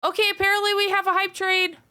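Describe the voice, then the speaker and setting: A woman's voice: very high voice, little pitch movement, quick pace, pushed and bright, no echo, studio quality. A woman streamer in casual chat with viewers, greeting them by name and swearing freely. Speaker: live streamer.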